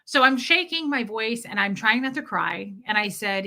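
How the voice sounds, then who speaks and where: A woman frankly telling a painful personal story, uneasy and halting at times, with some swearing. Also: on the high side, expressive, creaky, bright, forceful tone. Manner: uneasy, halting and self-correcting.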